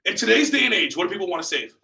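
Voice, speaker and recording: A man's voice: high-pitched, very animated, racing, gravelly, pushed and bright. A man leading a sales training session, talking with energy and quizzing his group with questions. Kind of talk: training seminar talk. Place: training room. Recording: echoey room, mic far off.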